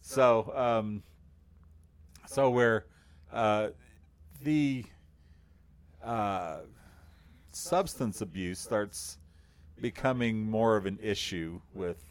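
A man with a baritone voice co-hosts a casual podcast. He tells his story slowly and in a low register. He rambles and fills his pauses as he goes. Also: smooth. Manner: slow, rambling storytelling with many fillers. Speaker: podcast co-host. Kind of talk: casual chat.

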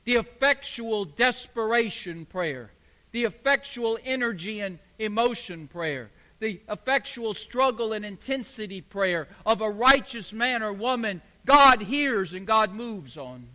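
Preaching in a large hall whose long reverb lingers behind him, a male pastor stacks repeated phrases with strong emphasis. His high, ringing voice is pushed and bright, expressive, and unhurried.

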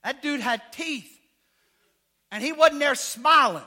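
High-voiced shouting male preacher. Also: takes it slowly. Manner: shouting, call-and-response, folksy slang. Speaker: pastor. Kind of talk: sermon.

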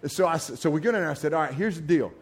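High-voiced preacher telling stories. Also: male voice, rapid-fire, slightly rough. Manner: animated storyteller, laughs often, folksy asides. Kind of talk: sermon with humorous personal stories.

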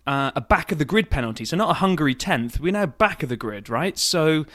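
A man co-hosting a casual sports podcast, talking in an animated, excitable, emphatic way. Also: on the high side, brisk. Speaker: podcast co-host.

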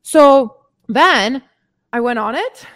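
A woman's voice: high voice, expressive, slow pace, a bit bright. A woman fitness coach talking candidly and casually to her listeners in a motivational podcast, calling them ladies and swearing now and then. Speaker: weight-loss fitness coach.

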